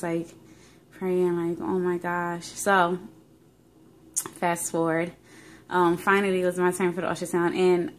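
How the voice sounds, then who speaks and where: A woman's voice: on the low side, slight background noise. A young woman telling a rambling, emotional story in a casual pregnancy vlog, recorded on her phone. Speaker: vlogger.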